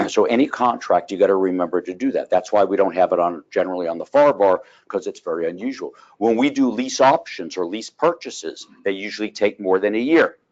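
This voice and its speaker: A man teaching a continuing education class on real estate law, telling folksy stories and clearing his throat often. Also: deep voice, animated, brisk, few pauses, darkish tone, lo-fi sound.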